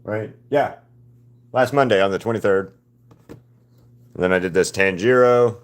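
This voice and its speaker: Man, deep voice, laid-back rambling host of an art live stream. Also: a little slow. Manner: relaxed, rambling, greets viewers by name. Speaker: artist live-streaming a painting session. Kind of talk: casual live-stream chat with viewers.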